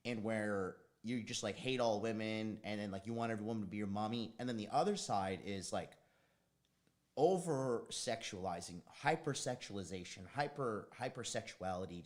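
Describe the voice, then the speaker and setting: A man hosting a casual livestream as a dating coach, talking bluntly, rambling off on tangents and swearing now and then. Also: fairly low pitch. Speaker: dating coach and show host.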